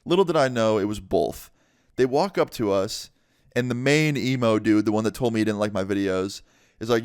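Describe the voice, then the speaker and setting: A young man casually telling a storytime vlog with animated delivery and heavy swearing. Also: lowish voice, normal speed, clear, resonant tone, no room sound, clean studio sound. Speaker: vlogger.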